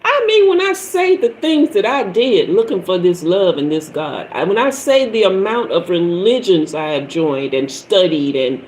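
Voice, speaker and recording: A woman's voice: fairly low pitch, sing-song, moderate pace, hardly any pauses, darkish tone, slight background noise, rough recording. A woman in her fifties, a tarot reader and spiritual teacher, preaching and telling stories on a livestream with lots of repetition for emphasis. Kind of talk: livestream talk.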